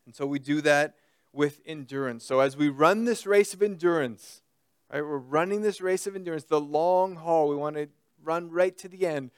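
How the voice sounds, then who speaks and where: Conversational man preaching, crisp and dry. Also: on the high side, moderate pace, no room sound. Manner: conversational preaching with frequent "okay?" check-ins. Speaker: pastor. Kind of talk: sermon.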